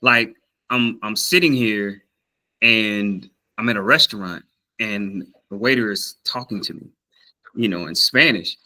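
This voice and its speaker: A man's voice: on the low side, a little slow, poor audio. A man with a Southern US accent, vlogging casually about learning a language, telling a story with lots of fillers and acting out voices. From Southern United States. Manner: animated, acts out quoted voices, many fillers and restarts.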